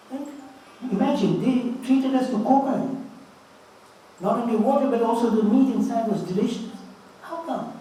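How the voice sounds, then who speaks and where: A man's voice: very high voice, normal speed, pauses often, warm tone, a little hiss or hum. A man in his eighties giving an earnest, fatherly spiritual talk, telling stories to his listeners. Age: 80s. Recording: roomy, distant mic with faint ambience.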